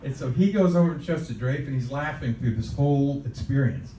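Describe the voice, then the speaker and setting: Give me an older man telling a chuckling, rambling story in a mellow voice, picked up from a distance in a roomy space. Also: medium pitch, fairly quick, slight background noise. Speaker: interviewee. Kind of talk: recounting a childhood anecdote. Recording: roomy, distant mic, faint ambience.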